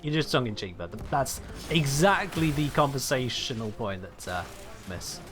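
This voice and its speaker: A man's voice: medium pitch, very animated, moderate pace, music in the background. A British man chatting casually on a live game stream, rambling and reading chat aloud.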